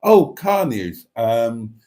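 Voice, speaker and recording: Male livestream host reading out chat, amused and chatty, lively pitch, mellow tone. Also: drawn-out words. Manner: chatty, amused, laughs often. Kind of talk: casual chat reading viewer comments.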